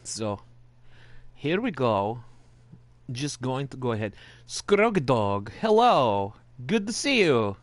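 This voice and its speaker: A man's voice: medium pitch, sing-song, slow pace, no room sound. Man hamming up a mock Italian accent. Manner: putting on a jokey Italian-style accent; swears casually, chatty with viewers in chat. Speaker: host of a live-streamed wrestling game show. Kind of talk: playful live-stream commentary.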